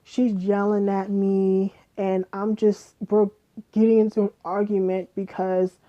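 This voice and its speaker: A woman's voice: mid-range voice, a little slow, lo-fi sound. Young woman telling a profane storytime. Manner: profane, animated retelling with quoted dialogue. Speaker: vlogger. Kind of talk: casual storytime.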